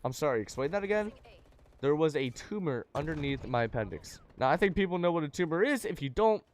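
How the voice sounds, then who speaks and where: A man's voice: a little high, very animated, fairly quick, a little hiss or hum. A young man telling a personal story in a laid-back, slangy way, swearing freely. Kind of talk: casual story time.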